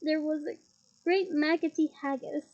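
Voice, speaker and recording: A woman's voice: high-pitched, steady tone, moderate pace, darkish tone. A woman with a Scottish accent reading a novel aloud expressively, with disgusted asides. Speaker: audiobook reader. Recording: dull lo-fi recording.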